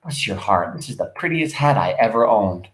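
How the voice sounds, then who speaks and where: A man voicing a proud, warm older grandmother who speaks in a folksy dialect. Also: on the low side, lively intonation, moderate pace, close to an everyday voice, poor audio.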